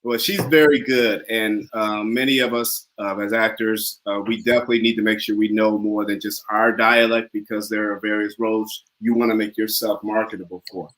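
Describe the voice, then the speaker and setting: A man's voice: fairly low pitch, fairly even intonation, moderate pace, few pauses, a bit bright. Upbeat man hosting a casual interview. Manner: upbeat, encouraging, laughs often. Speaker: talk show host.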